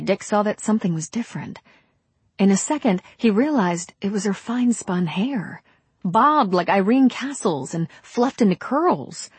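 A woman reading a novel aloud as a narrator, in a measured, unhurried way. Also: mid-range voice, darkish tone, husky, dry recording. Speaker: audiobook narrator. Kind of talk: scripted narration.

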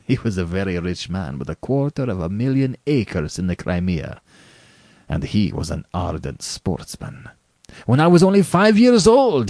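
A man reading a story aloud, voicing a suave, menacing aristocratic male hunter who speaks slowly and with courtly politeness. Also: fairly low pitch, darkish tone, no echo, studio quality, full character voice. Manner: slow, measured, courtly. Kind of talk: audiobook reading.

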